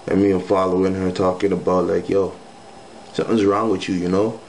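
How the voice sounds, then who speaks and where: A man's voice: low-pitched, a little fast, a little hiss or hum, rough recording. Slangy young man telling his testimony. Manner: animated, slangy, acts out quoted lines. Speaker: guest giving testimony. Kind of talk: casual spoken testimony storytelling.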